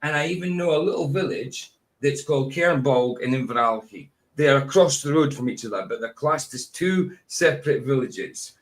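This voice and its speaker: A man from Scotland with a northeast Scottish Doric accent, hosting a livestream in relaxed, chatty conversation. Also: mid-range voice, normal speed, hardly any pauses. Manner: relaxed, chatty, laughs often. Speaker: show host. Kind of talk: casual chat on a livestream.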